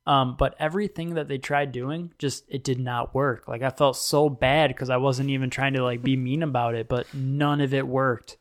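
A man's voice: mid-range voice, steady tone, moderate pace, few pauses. A man co-hosting a podcast in casual tech chat, telling loose anecdotes peppered with "like". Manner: loose, chatty anecdotes full of "like". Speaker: podcast co-host.

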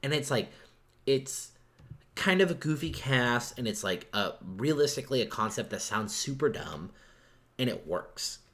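A man's voice: medium pitch, expressive, unhurried, fairly bright tone. A man co-hosting a casual movie review podcast, rambling with lots of filler words. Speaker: podcast co-host.

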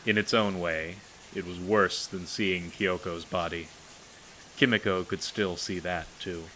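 A man narrating a novel aloud in a measured, solemn storytelling manner. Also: low voice, bright, forceful tone, slight background noise, poor audio. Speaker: audiobook narrator. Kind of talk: scripted narration.

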